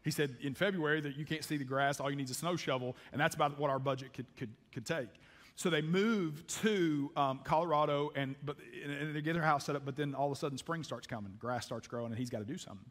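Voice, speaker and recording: Male pastor, sermon delivery, slightly high voice, echoing sanctuary. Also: quick pace, fairly bright tone. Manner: folksy, emphatic preaching with frequent restarts. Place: church sanctuary. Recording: long reverb of a church hall.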